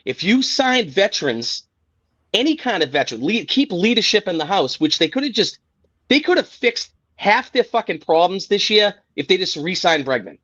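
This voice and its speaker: A man's voice: sits high, very animated, normal speed, a bit bright. A man hosting a sports podcast, ranting in a heated, profane, exasperated way. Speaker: podcast host. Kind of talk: casual sports rant. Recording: dull lo-fi podcast audio.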